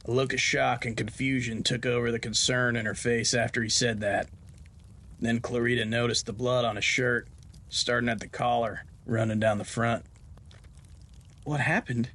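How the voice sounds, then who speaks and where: A male podcast host narrates a Western horror tale in a folksy, homespun way. His voice sits at a middle pitch for a man. He tells the story at an unhurried, storytelling pace. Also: level tone, a bit bright.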